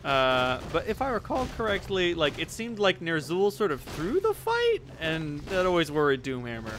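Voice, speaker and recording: A man's voice: on the high side, huge pitch swings, normal speed, fairly bright tone, a little hiss or hum. A man giving casual let's-play commentary, rambling and joking with frequent swearing. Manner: rambling, profane, jokey. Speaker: game commentator.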